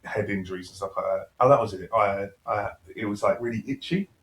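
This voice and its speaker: A young man, a podcast guest, telling a personal story in a lively, casual way, acting out dialogue and swearing now and then. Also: lowish voice, a little fast. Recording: roomy echo.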